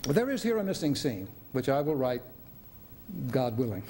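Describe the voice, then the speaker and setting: A man's voice: mid-range voice, lively intonation, moderate pace, dark tone, roomy sound, slight background noise. An older man, a playwright, making an offhand aside to his audience during a reading. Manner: offhand, chuckling.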